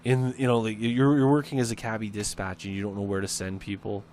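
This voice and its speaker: A man's voice: fairly low pitch, brisk, slight background noise. Rambling man telling a casual anecdote. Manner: rambling, animated retelling with fillers and acted-out quotes. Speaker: gaming video storyteller. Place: at home, voice-over on gameplay.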